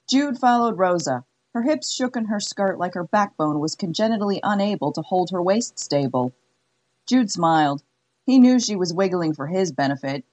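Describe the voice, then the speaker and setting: A woman narrating an audiobook in a measured, wry way. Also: mid-range voice, animated, darkish tone. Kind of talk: scripted narration.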